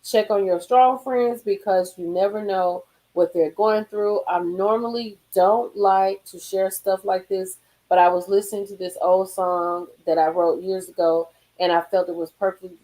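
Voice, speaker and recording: A woman hosting a casual live stream from a car, reading gossip aloud and reacting with sudden high exclamations and low murmurs. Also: rough recording. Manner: animated, swings into high exclaims and drops to murmurs.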